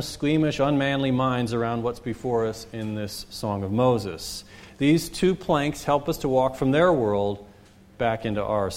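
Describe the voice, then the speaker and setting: A man preaching a sermon as pastor, stressing points by repeating phrases and swinging between loud and soft. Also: mid-range voice. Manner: preaching with wide swings in loudness and pace.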